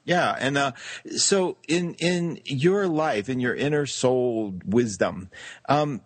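A man's voice: medium pitch, slow, dry recording. A man hosting an interview, asking enthusiastic, rambling questions with many restarts. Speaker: interview host. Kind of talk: casual interview chat.

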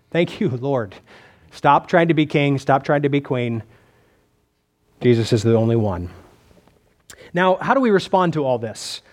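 A man preaching a sermon, his voice sitting a little high for a man. He talks conversationally, often restarts his sentences and keeps putting questions to his listeners. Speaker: pastor.

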